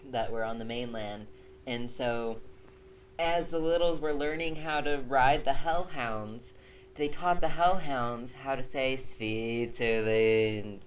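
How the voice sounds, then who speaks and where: A woman co-hosting a casual chat show, talking loosely with frequent laughter and fillers. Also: extremely low pitch. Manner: laughs often, speaks loosely with many fillers. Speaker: co-host. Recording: faint background noise.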